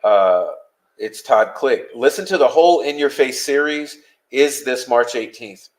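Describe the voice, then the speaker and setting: Here a podcast host speaks to his stream's chat in a measured pace, yet his tone is blunt and heated, full of profanity. The voice is a typical middle pitch, the style offhand and conversational rather than refined.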